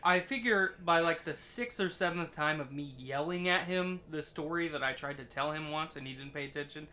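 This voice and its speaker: Profane, teasing young man, a bit high. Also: normal speed, bright, forceful tone, a little hiss or hum. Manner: teasing, rambling with restarts, profane. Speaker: podcast host. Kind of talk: crude casual chat.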